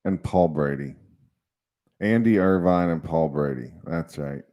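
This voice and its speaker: A man's voice: extremely low pitch, measured pace, highs cut off. A man hosting a casual livestream, rambling and chatty and often laughing as he talks. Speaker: livestream host.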